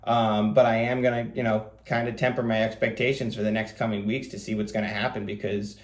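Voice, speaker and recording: A man hosting a fantasy football show, talking quickly in a casual, rambling way with lots of fillers. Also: lowish voice, flat delivery, echoey room. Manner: rapid, rambling delivery with many fillers. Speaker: fantasy football podcast host. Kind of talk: casual solo commentary.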